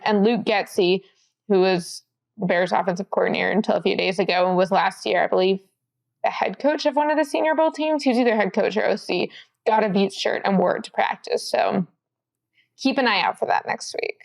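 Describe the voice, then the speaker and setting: A young woman reporter in casual sports podcast chat, telling stories in a wry, relaxed way. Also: medium pitch, creaky.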